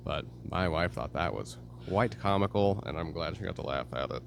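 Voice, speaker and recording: A man's voice: deep voice, lively intonation, moderate pace, gravelly, slight background noise. A young man hosting a casual interview, joking and telling stories animatedly. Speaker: podcast host.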